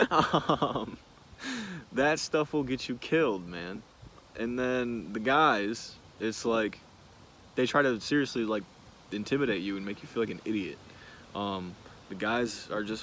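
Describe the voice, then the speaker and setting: A young man in his twenties with a fairly low voice, rambling frankly in a casual talk-to-camera vlog. He piles on fillers and restarts, sounding loose and unscripted. Faint background sound sits under his voice. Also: lively intonation, moderate pace, fairly bright tone, a little hiss or hum. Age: 20s. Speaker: business owner, vlogger.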